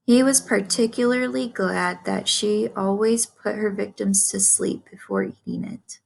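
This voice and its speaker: A woman reading a children's book aloud chapter by chapter, in an unhurried, gentle narration. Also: mid-range voice, steady tone, creaky, slight background noise. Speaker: reader. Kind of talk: storybook read-aloud.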